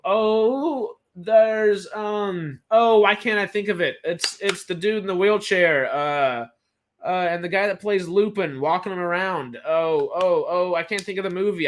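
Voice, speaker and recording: Rambling young man chatting. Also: high voice. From Texas. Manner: rambling, stammering restarts, enthusiastic. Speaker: film news co-host. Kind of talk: casual live-stream chat.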